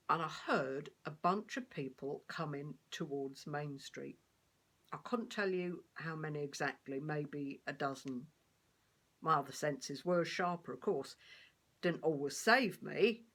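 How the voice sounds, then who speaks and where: A woman playing a streetwise blind male beggar, telling his story in rough, colloquial speech. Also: low voice, animated, unhurried, a bit bright, full character voice. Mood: wry.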